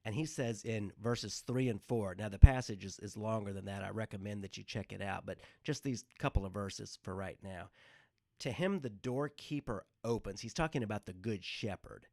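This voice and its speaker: A man's voice: fairly low pitch, brisk, creaky, hardly any pauses, no room sound, clean studio sound. A man hosting a devotional talk, speaking earnestly and informally with many fillers and repeated words. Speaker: devotional podcast host.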